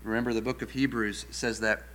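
A middle-aged man delivers an earnest teaching sermon as a pastor, his tone bright and forceful. He often trips into restarts and repeated words, then leans heavily on the words he wants the listeners to hold onto. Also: lowish voice, little pitch movement, brisk. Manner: leans hard on key words for emphasis.

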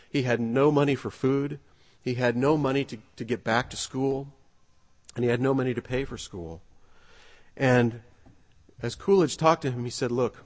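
A man preaching a sermon in a conversational, earnest way, telling a story with occasional fillers. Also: mid-range voice. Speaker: pastor. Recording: long reverb of a large hall.

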